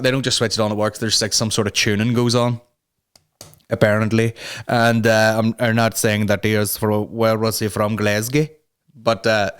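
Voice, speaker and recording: A man's voice: on the low side, fairly bright tone, clear, resonant tone. A man hosting a comedy podcast alone, rambling and sarcastic with lots of swearing. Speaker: podcast host. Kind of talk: casual comedic monologue.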